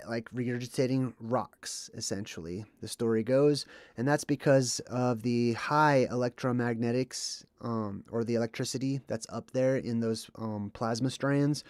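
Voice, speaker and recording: On a livestream, a man with a mid-range, darkish voice chats casually, rambling from point to point with frequent ums and asides. The recording is close up, dry and dead, with no room echo.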